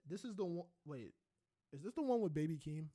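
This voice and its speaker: A man's voice: on the high side, animated, fairly quick, mellow, no room sound, studio quality. A young man co-hosting a podcast, ranting heatedly and profanely with many restarts in casual talk. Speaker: podcast co-host.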